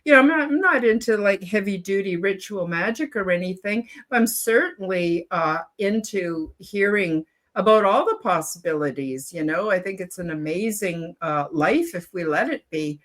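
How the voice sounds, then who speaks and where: A woman in her seventies hosting a panel over a video call, talking in a rambling, halting way with lots of fillers and restarts. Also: medium pitch, animated, fairly bright tone. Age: 70s. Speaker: show host. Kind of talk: casual panel chat.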